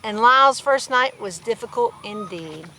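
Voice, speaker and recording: A woman with a slightly high voice reads a children's picture book aloud outdoors. She tells the story plainly and breaks off now and then for playful asides to her farm animals. Faint farm noise can be heard behind her. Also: expressive, normal speed, bright, forceful tone, rough recording. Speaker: storybook reader.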